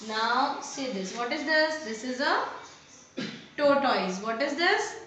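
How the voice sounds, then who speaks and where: A woman teacher, giving a lesson to young children, slowly repeating each word and asking questions aloud. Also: high voice, big pitch swings, fairly bright tone. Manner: slow, repeats words and asks questions aloud. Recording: very echoey room with faint noise.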